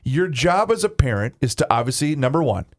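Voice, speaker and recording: Brief: middle-aged male co-host, mid-pitched, chatty storyteller who acts out the people in his stories. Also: a little fast. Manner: animated storyteller, acts out voices in his anecdotes. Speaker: radio show co-host. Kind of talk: casual chat.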